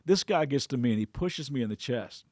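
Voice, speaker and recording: A man's voice: medium pitch, animated, a little fast, darkish tone, dry recording, studio quality. A middle-aged man, a pastor hosting a devotional podcast, tells a personal story in a chatty way, with frequent restarts and quotes he acts out.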